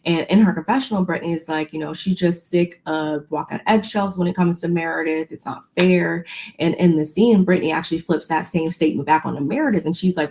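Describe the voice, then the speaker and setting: Chatty woman, mellow low voice. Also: moderate pace. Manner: chatty, animated retelling with quoted voices and "y'all". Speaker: podcast co-host recapping a reality show. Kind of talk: casual chat.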